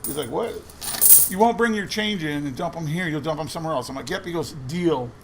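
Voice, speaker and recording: A coin roll hunting vlogger with a fairly high, brisk voice and vocal fry rambles through a casual story as he sorts coins. He quotes others' words along the way, and there's slight background noise.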